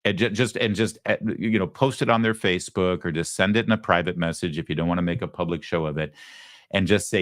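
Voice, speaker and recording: A man hosting a political talk show, giving mocking, animated commentary. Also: sits low, fast talker, no echo, studio quality.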